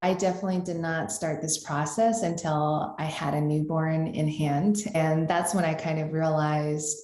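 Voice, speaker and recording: A woman's voice: low voice, level tone, moderate pace, a little mellow, reverberant. A woman in her thirties, a business founder, answering interview questions in an earnest, explanatory way with some ums. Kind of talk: conversational interview.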